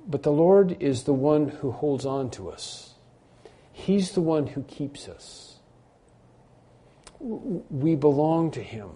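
A man's voice: a little high, lively intonation, slow pace, long pauses, dark tone, slightly rough. A man preaching a sermon as a pastor, earnest and repeating phrases for emphasis.

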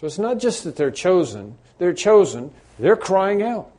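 A man preaching an unscripted sermon, often restarting his sentences and rising and growing louder on his emphatic points. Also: high-pitched, sing-song, a little slow. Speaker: pastor.

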